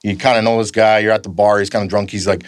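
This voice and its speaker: A man's voice: fairly low pitch, fairly even intonation, fast, no echo, clean studio sound. A Canadian man telling rambling work stories in a casual chat, swearing freely as he goes. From northern Canada. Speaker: guest, stuntman.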